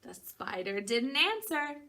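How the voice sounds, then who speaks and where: A preschool teacher reads a picture book to small children in a fairly high, unhurried voice. She asks them gentle questions and leaves room for them to answer. She calls out the animal noises in a livelier, raised voice. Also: very animated. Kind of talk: picture-book storytime reading for young children.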